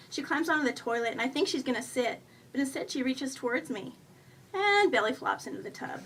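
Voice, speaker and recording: A woman in her thirties reads her own humorous first-person story aloud, wry and self-mocking. Her voice is high and bright. She sounds a little far from the mic, with faint noise underneath. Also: animated, moderate pace. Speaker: author reading her story. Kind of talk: live reading of first-person humorous prose.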